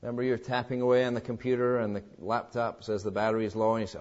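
A man preaching a sermon in an emphatic way, swinging between loud exhortations and quiet, low passages. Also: flat delivery, fast talker, lo-fi sound. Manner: emphatic preaching with wide swings in pitch and loudness.

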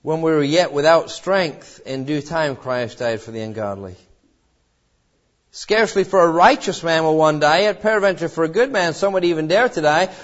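A man with a high voice preaches a heartfelt sermon. He talks earnestly, softening into tender pleading and stumbling over repeated words. The recording sounds dull and lo-fi. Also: moderate pace. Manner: earnest, with tender quoted voices and frequent restarts.

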